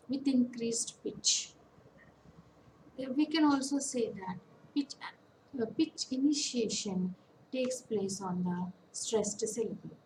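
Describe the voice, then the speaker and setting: A woman counsellor with an Indian English accent, giving a lecture on English phonetics and pausing often with fillers. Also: on the high side. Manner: slow, deliberate, with many hesitations and fillers. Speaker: academic counsellor. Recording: faint background noise.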